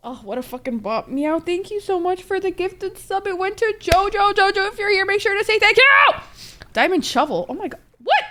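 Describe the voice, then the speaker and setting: High-pitched, emotional woman streamer. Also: expressive, brisk, fairly bright tone, slight background noise. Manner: gushing, emotional, swears freely. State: teary, crying. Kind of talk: casual live-stream chat. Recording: music playing behind. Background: background music.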